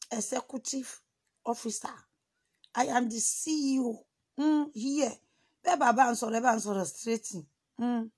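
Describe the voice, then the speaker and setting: Running a casual phone livestream, this host has a fairly high, slightly rough voice with a little mellowness. Her storytelling is dramatic, punctuated by sudden exclamations, and she moves back and forth between English and Yoruba.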